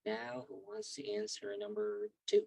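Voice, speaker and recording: A man teaching an online English lesson on a video call, calling on students and patiently repeating words slowly to drill pronunciation. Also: high voice, sing-song, vocal fry, darkish tone, no room sound, low-quality recording.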